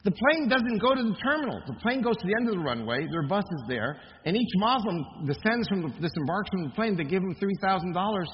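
A man with a high, animated voice delivers an emphatic lecture, peppering his listeners with rhetorical questions. The talk rings out with a long hall reverb. The recording is dull and lo-fi. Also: fast, few pauses, a little hiss or hum. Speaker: speaker. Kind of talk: impassioned lecture.

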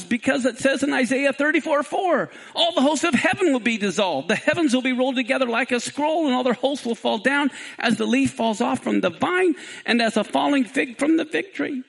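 A man delivering a sermon in a strikingly high voice with a gravelly edge. He tells stories dramatically, climbing to near shouts on the pleas and dropping low on the quiet moments, reading scripture aloud between them. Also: lively intonation, a little fast, poor audio. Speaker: preacher.

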